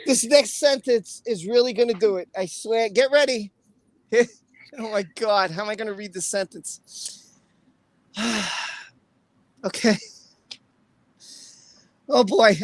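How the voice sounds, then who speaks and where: A woman's voice: on the high side, slow pace, long pauses, no room sound. A woman hosting a casual livestream, reading aloud, exclaiming often and breaking into laughter. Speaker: livestream host.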